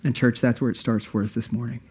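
A man's voice: medium pitch, little pitch movement, fast, darkish tone, breathy edge. A male pastor preaching a sermon earnestly, building his points with repeated phrases.

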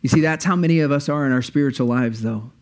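A man's voice: mid-range voice, fast talker, darkish tone. A male pastor preaching a sermon earnestly, building his points with repeated phrases.

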